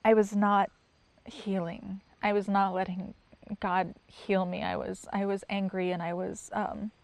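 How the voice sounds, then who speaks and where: A middle-aged woman giving personal testimony in an interview, soft-spoken and halting, with many pauses and restarts, sometimes near a whisper. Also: mid-range voice, little pitch movement, vocal fry, no echo. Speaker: sign language interpreter.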